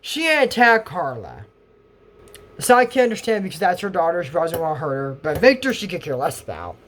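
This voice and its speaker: A man's voice: on the high side, wildly swooping pitch, fast talker, fairly bright tone, a little hiss or hum. Man rambling through a cartoon recap. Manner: rambling retelling with fillers and restarts, half-acts quotes; chatty asides to viewers. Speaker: YouTube episode recapper. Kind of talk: casual cartoon episode recap.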